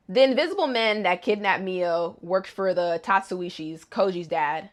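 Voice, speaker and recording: A woman's voice: on the low side, normal speed. A woman casually recapping an anime episode in a chatty, joking, slangy way.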